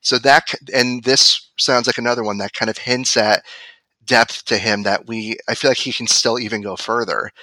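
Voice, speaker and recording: A man who is a guest on a podcast, chatting in a thoughtful, measured way. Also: medium pitch, fairly even intonation, sharp tone, no room sound, poor audio. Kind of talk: casual chat.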